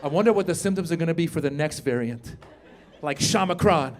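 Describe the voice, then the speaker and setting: A man in his fifties performing a stand-up comedy set on a club stage, chatting with the crowd and jumping into loud put-on voices. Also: fairly high pitch, expressive, brisk. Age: 50s.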